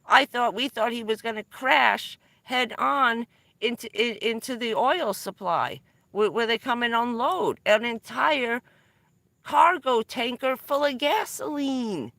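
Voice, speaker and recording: Middle-aged jersey-raised woman rambling on her vanlife stream, bright tense voice, dry close sound. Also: fairly high pitch, a little slow, no echo. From New Jersey. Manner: rambling, excitable storytelling with swearing. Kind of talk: casual live-stream chat. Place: in or around her van.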